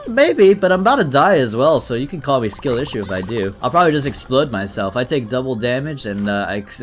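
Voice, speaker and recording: A young man talking through a video game run in a relaxed, chatty way at an everyday pitch. He gets excited fast and laughs easily at surprises. Faint background music plays under his voice. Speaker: gaming YouTuber. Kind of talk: casual gameplay commentary.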